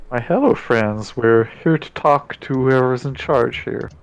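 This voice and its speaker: A man's voice: mid-range voice, a little slow, clear, resonant tone, natural voice. A man voicing a polite male cleric-like diplomat in a tabletop game, courteous and soothing. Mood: placating. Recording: dull lo-fi audio.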